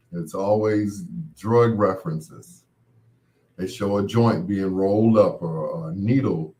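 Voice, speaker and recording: A man hosting a late-night radio show, chatting in a laid-back way with wry asides. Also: lowish voice.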